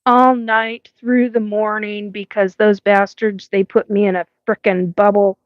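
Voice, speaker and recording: A woman's voice: medium pitch, level tone, a little slow, no room sound, dull audio. A woman hosting a live paranormal stream, telling a rambling story with swearing and frequent laughs. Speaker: host of a live paranormal show.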